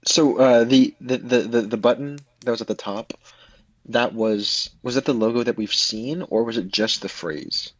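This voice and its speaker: A man's voice: mid-range voice, normal speed, dry recording, low-quality recording. A man playing a tabletop game, talking hesitantly with many fillers. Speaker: player.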